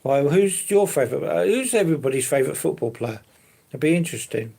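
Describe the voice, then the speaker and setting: Gravelly man chatting live. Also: a little high, animated, quick pace, warm tone. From London. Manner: easygoing, rambling, fillers and hedges like to be honest. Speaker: live streamer. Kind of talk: casual live chat answering viewers.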